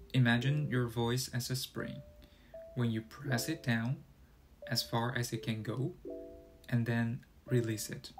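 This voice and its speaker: Slow-speaking teacher, man. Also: medium pitch. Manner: slow, deliberate explaining with sung tone demonstrations. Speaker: Chinese teacher. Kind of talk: scripted podcast lesson. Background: guitar music.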